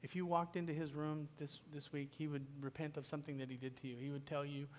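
A man preaching a sermon to his church, swinging from loud, pleading peaks down to a hushed whisper. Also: fairly high pitch, flat delivery, quick pace. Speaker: pastor. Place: church sanctuary. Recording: long reverb of a church hall.

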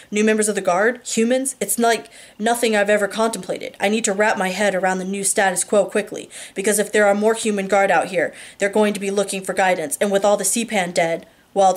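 A woman reading a first-person novel aloud, steady with small slips and restarts. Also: medium pitch. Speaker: audiobook reader.

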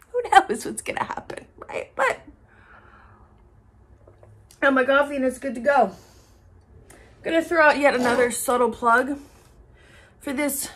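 Chatty woman vlogger, slightly high voice. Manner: chatty, excitable, swears casually. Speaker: haul vlogger. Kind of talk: casual chat to camera.

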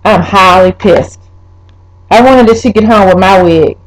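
A young woman vlogging a wig review, talking straight to her viewers, swearing and exasperated, her voice jumping up high when upset. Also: a little slow, low-quality recording. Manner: pitch leaps when upset. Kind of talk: casual vlog, ranting.

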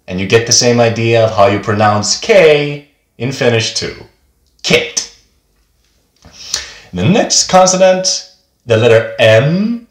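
Slow, patient man teaching pronunciation. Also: mid-range voice, fairly bright tone. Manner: slow, patient, repeats example words twice. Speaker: language teacher. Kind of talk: beginner pronunciation lesson. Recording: echoey room.

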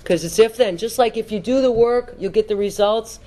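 A woman's voice: on the high side, brisk, dark tone. Earnest woman telling her recovery story. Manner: conversational storytelling with fillers and restarts. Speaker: speaker sharing at a recovery meeting. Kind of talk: personal recovery testimony.

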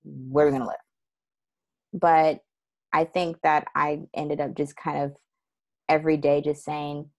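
Woman coach with a low voice, animated storytelling, laughs a lot. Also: moderate pace. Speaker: course teacher. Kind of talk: casual chat.

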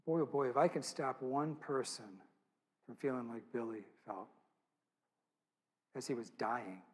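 A man's voice: medium pitch, a little slow, slightly rough. A man speaking at a church event, telling an intimate, earnest story with quoted dialogue.

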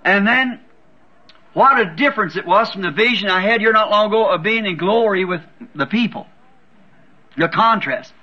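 A man's voice: high-pitched, normal speed. A man preaching a sermon, telling a vision as a fervent testimony and repeating words for emphasis. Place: church. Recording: dull lo-fi 1960s tape recording.

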